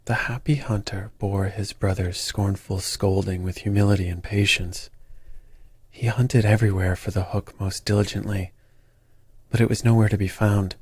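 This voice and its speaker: Low, husky male sleep-story narrator. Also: steady tone, moderate pace, darkish tone, dry recording. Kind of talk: calm bedtime story narration.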